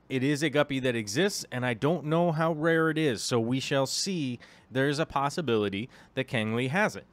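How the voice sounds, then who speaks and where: This aquarium vlogger has a medium-pitched, fairly bright male voice. Chatting casually about his hobby, he rambles, drops lots of ums, and talks directly to the viewer in asides.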